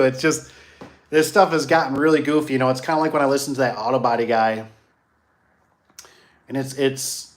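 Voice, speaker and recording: Male business owner, casual vlog ramble, folksy and repetitive, mid-pitched. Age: adult, grew up locally. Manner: rambling, repeats himself, folksy asides. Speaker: garage door business owner. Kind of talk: casual rambling monologue to viewers.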